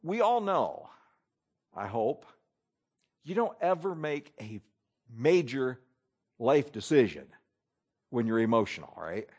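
A man preaching a sermon, emphatic, swinging between loud declarations and hushed asides. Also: medium pitch, big pitch swings, takes it slowly, pauses often, slightly rough.

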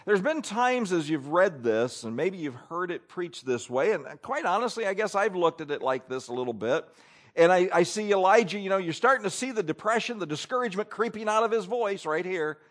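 A man delivers a folksy sermon in a fairly high voice. His pitch leaps and dips all the time, with loud bursts and soft asides. He retells scripture in an animated, plainspoken way. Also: normal speed. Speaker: pastor.

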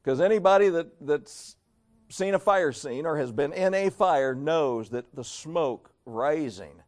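A man preaching a sermon as pastor, dramatic, swinging between loud emphasis and hushed low tones and stretching out words for weight. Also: expressive, a little slow.

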